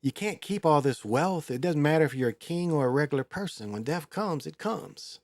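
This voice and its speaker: A man's voice: a little high, animated, normal speed, no room sound, clean studio sound. A man hosting his own show in a rambling, crude, casual monologue full of fillers. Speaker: show host.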